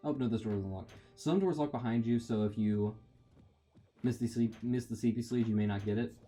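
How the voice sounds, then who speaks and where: A man's voice: mid-range voice, brisk, dark tone. A man giving rambling, self-deprecating commentary while playing a video game. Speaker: gamer. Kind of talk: let's play commentary. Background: faint game music.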